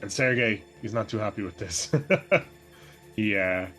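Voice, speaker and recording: A male co-host with a low voice chimes in and expands on the plot in relaxed chat. Faint music sits underneath. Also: fairly quick. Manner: chatty, agreeing, adds detail. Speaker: podcast co-host. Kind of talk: casual game retrospective chat.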